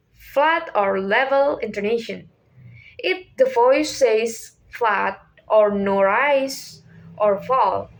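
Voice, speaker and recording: A young woman student giving a class presentation, speaking in deliberate, halting phrases. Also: on the high side. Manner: deliberate, halting non-native English phrasing.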